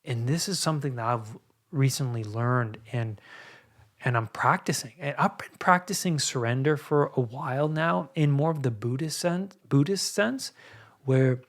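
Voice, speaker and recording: A man hosting a solo podcast, speaking in a reflective, halting way that often repeats words as he searches for them. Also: mid-range voice. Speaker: podcast host and anxiety coach.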